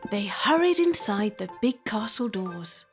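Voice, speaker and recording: Slow lilting woman storyteller. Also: medium pitch, sing-song, over music. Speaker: narrator. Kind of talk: children's storybook narration.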